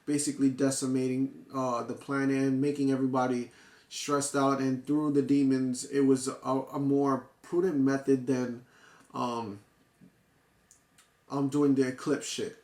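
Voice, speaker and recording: This man's voice is medium-pitched and his pace measured, though he's excitable as he reviews a manga chapter with casual profanity, frequent restarts, and fillers, often getting worked up. The room is echoey.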